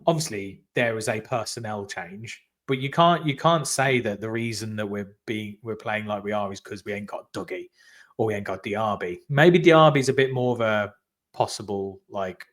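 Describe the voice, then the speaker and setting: Guy hosting a football podcast, talks in long excited run-on bursts over a video call. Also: fairly low pitch, moderate pace. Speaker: podcast host. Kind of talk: casual football chat.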